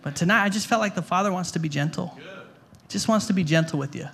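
A man's voice: sits high, fast, gravelly, a bit bright. A male pastor preaching a sermon to a congregation in a conversational way, repeating words and asking the room questions. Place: church hall before a congregation.

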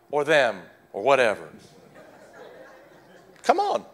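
High, animated preaching man. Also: takes it slowly, pauses often, a faint crowd. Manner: exhorting, repeats phrases, calls on the congregation to respond; swings between shouting and hushed lines. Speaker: pastor. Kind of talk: sermon.

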